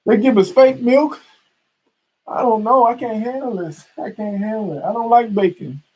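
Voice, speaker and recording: A man's voice: high voice, moderate pace, a little mellow, slightly rough, poor audio. A man mocking a whiny self-pitying guy. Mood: whining mockery. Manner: whiny, complaining, exaggerated mocking. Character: whining, self-pitying grown man, complaining.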